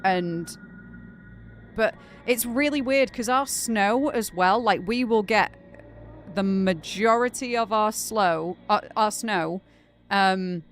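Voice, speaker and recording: A young woman from Greater Manchester, England, with a Northern English accent chats casually while live streaming a game, rambling with lots of fillers. Her mid-range voice takes things slowly, with slight background noise.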